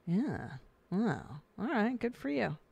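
A woman's voice: medium pitch, big pitch swings, slow, gravelly, a little mellow, breathy edge, no echo, highs cut off. A woman hosting a podcast in a blunt, casual chat, swearing freely. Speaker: podcast host.

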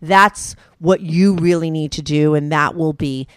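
A woman's voice: low-pitched, measured pace, clear, resonant tone, dry recording, studio quality. A woman hosting a talk show, chatting casually and earnestly giving advice. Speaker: host. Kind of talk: casual chat.

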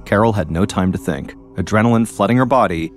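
A man hosting a podcast, telling a true-crime story in a measured, suspenseful scripted narration. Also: fairly low pitch, faint music behind. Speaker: podcast host.

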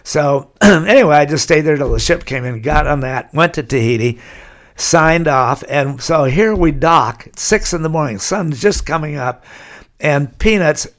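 A man's voice: fairly high pitch, lively intonation, normal speed, a bit bright. An older man from California, telling long anecdotes in an interview and chuckling as he goes. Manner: rambling anecdotal storyteller, chuckles. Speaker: guest. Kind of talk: storytelling interview.

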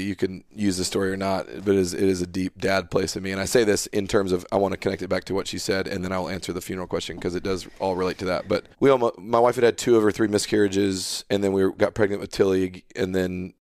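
A man's voice: deep voice, no room sound, clean studio sound. A man in his thirties, a pastor and podcast guest, earnestly telling a personal story and acting out the dialogue. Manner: earnest, animated storyteller who retells dialogue. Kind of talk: casual storytelling conversation.

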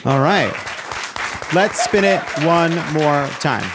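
A man's voice: a little high, lively intonation, slow, heavy background noise. A man hosting a live show, roasting a departing colleague in a playful, teasing manner. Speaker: host. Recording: live stage with bagpipe music and crowd.

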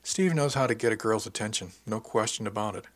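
A man's voice: fairly low pitch, brisk. A man narrating a novel in the first person with a dry, wry storytelling manner. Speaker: audiobook narrator.

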